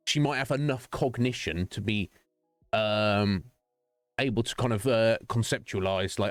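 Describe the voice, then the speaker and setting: A man's voice: lowish voice, normal speed, no room sound, clean studio sound, faint music behind. A man streaming, chatting casually in a rambling, profane way with many restarts. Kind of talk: casual chat while streaming.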